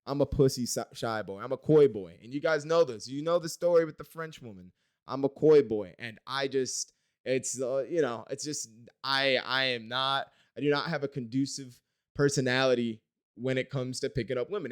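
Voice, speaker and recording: A man's voice: mid-range voice, normal speed, smooth. Young man, late 20s, casual vlogger, rambling, self-deprecating, salty language. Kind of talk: casual personal vlog storytelling.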